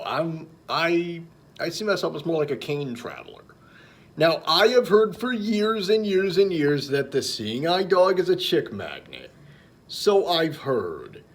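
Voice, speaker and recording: A young man talking casually on his vlog, telling jokes with lots of fillers and restarts. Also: on the high side. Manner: halting, many fillers and restarts, chuckles at own jokes. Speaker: vlogger.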